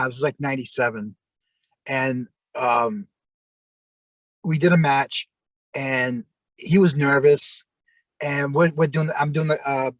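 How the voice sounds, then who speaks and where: Animated, cursing wrestler telling a story. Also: male voice, a little high, dry recording, rough recording. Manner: animated, profane, acts out his own shouting. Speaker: former pro wrestler, interview guest. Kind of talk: casual storytelling in an interview.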